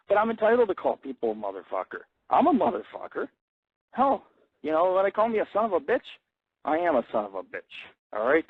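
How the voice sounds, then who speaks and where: A man's voice: high voice, wildly swooping pitch, fast talker, slightly rough, no room sound, phone-quality sound. A man hosting an internet radio show, rambling bluntly and swearing constantly in a casual monologue. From grew up in an Italian-American family.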